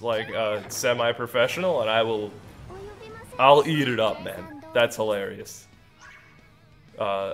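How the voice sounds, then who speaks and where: A man's voice: medium pitch, fairly bright tone. A young man giving casual gameplay commentary, goofy and rambling, laughing at his own jokes. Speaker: gaming commentator.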